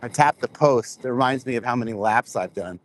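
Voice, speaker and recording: A man's voice: mid-range voice, brisk, slight background noise. Rambling man vlogging on a walk. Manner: chatty, rambling, addresses viewers directly. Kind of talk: casual walking vlog. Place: outdoors on a walk. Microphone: clip-on microphone close to face.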